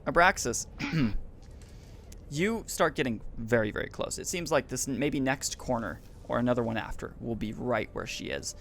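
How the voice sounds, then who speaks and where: A man narrating as game master of an online tabletop game, relaxed, with frequent fillers and throat clearing. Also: medium pitch, moderate pace, a little hiss or hum.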